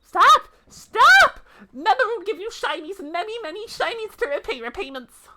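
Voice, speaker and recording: A woman's voice: extremely high pitch, very animated, moderate pace, background noise, pitched above the performer's own voice. A woman voicing a small, anxious merchant who speaks broken English and refers to himself in the third person. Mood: pleading.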